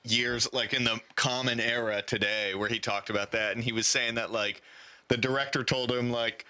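A man's voice: mid-range voice, steady tone, moderate pace, pushed and bright. A man chatting casually, laid-back and enthusiastic about movies. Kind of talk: casual chat.

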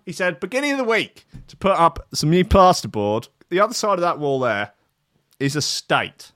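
A man's voice: mid-range voice, sing-song, a little fast, a bit bright, dry recording. A man hosting a DJ show from a studio desk, rambling and swearing with self-mocking humor. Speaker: DJ and show host. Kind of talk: casual chat. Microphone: webcam setup.

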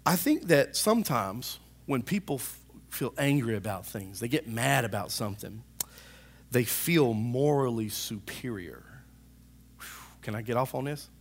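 A man's voice: medium pitch, animated, unhurried. A man preaching a sermon as pastor to his church, emphatic, with call-and-response asides to the congregation. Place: church service.

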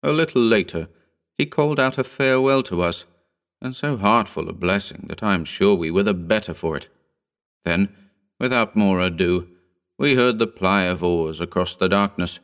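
A man reads a horror short story aloud, measured and solemn. His voice sits on the low side, and he lets each sentence unfold steadily. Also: a bit bright, clean tone. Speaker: reader.

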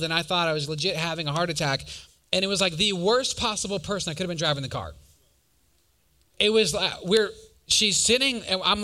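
A young man preaching in a church, his voice bright and forward, sitting a little high for a man. He slips from scripture into lively stories and keeps asking the crowd for a show of hands. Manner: conversational, animated storytelling with audience questions. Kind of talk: sermon.

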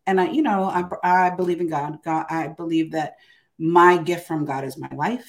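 A woman's voice: lowish voice, moderate pace, a bit bright. Older lady guest on an interview, emphatic storytelling, keeps going "right?".

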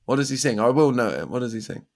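A man's voice: mid-range voice, very animated, quick pace. A man chatting casually as a podcast co-host, swearing now and then and using British slang. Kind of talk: casual chat.

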